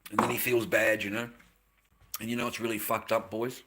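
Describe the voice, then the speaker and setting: A man's voice: lowish voice, level tone, a little fast, pushed and bright, slightly rough. A middle-aged man, telling long, loose stories on a livestream with plenty of swearing and slang. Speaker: livestream host. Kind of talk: rambling casual storytelling.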